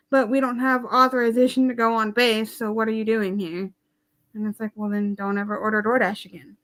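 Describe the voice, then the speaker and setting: A woman chatting casually on a livestream and telling a story in an animated, exasperated way. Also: on the high side. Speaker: live streamer.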